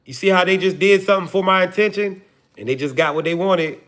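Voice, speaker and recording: A man's voice: high voice, fast, a bit bright. A man, hosting a livestream and joking profanely to his chat before preaching his point. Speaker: livestream host. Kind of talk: casual livestream talk to chat.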